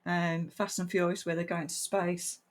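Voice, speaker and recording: A woman's voice: lowish voice, flat delivery, normal speed. A woman co-hosting a casual film-review podcast, wry and blunt, swearing casually. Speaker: podcast co-host.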